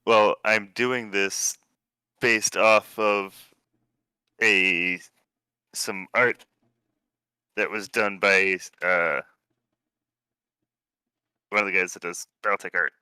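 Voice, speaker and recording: A man, a parent, running a tabletop game as game master and narrating in a relaxed, slightly halting way. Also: fairly low pitch, clear, resonant tone, no room sound. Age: young adult to middle-aged, a parent.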